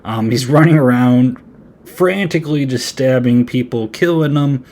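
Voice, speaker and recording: Casual male podcast host, average-pitched voice, loose and rambling recap style. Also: a little slow, a little mellow. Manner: loose, filler-heavy, rambling. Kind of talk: casual movie review.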